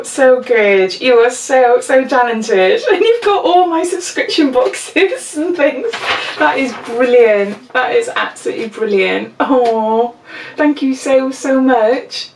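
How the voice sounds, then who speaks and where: Forties woman vlogger, bright-pitched, effusive unboxing chat, distant mic. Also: slow, a little hiss or hum. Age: 40s. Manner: gushing, exclamatory, laughs often. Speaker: beauty vlogger. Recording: echoey room, mic set back.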